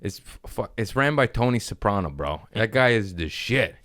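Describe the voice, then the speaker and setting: A man's voice: on the low side, expressive, moderate pace, a bit bright, dry recording, clean studio sound. A male comedian hosting his podcast, rambling and cursing, often breaking into laughter. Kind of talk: casual solo podcast monologue.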